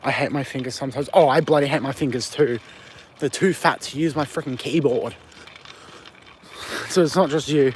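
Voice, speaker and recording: A man's voice: medium pitch, moderate pace, pauses often, slight background noise. A man with an Australian accent chatting on a live stream while walking outside at night, reading out and answering viewer comments on a phone mic. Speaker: livestreamer. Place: outdoors on a windy street at night.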